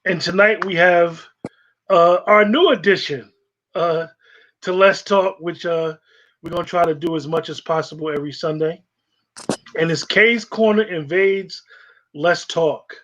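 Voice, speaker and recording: A man hosting a casual livestream talk show, relaxed and slangy with frequent fillers. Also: a little high, unhurried. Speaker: host. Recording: dull lo-fi livestream audio.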